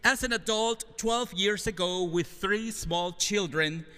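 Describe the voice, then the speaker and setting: Latino-accented male preacher, bright voice. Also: high voice. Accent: Latin American Spanish. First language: Spanish. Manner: earnest, measured preaching with rhetorical questions. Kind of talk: sermon. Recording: hall reverb.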